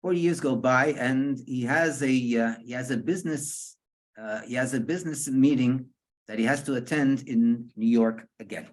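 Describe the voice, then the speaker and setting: A man's voice: mid-range voice, moderate pace. A man, a rabbi, telling a story to a small group in a chatty way, chuckling often and repeating words as he searches for them.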